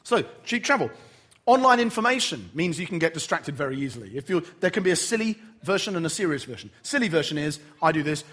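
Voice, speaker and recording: A man preaching a sermon to a congregation, telling stories about his own family in an animated, humorous, self-deprecating way. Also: a little high, fast talker. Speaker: pastor.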